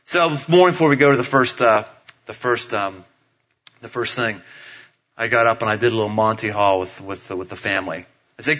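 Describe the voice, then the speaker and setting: A middle-aged man preaching a sermon, telling stories in an animated way and acting out the voices of his family. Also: a little high, brisk. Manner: animated storytelling, acts out voices of family members. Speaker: pastor. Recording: dull lo-fi sound.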